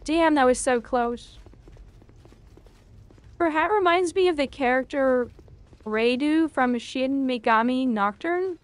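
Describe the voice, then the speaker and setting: A woman streaming a video game, reacting loudly and swearing freely at each twist of the fight. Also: sits high, takes it slowly, long pauses. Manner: excitable, swears a lot, talks at the game. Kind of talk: live gameplay commentary.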